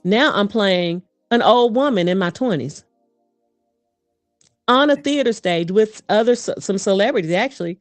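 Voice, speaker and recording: A woman who is a voice coach and performer tells stories fast and animatedly as a guest in a casual interview. Her voice is medium in pitch. There's no echo, and faint music plays behind her.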